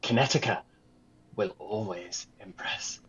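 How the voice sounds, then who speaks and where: A man voicing an eager, childlike robot construct that calls out loudly and proudly to its maker. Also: measured pace, slight background noise. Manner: shouted, high and excited.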